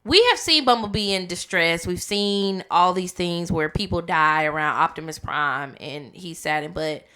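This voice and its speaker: Bright-voiced woman chatting about a movie. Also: on the low side, normal speed, smooth. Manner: chatty, interjecting and correcting. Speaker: podcast co-host. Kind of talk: casual movie review chat.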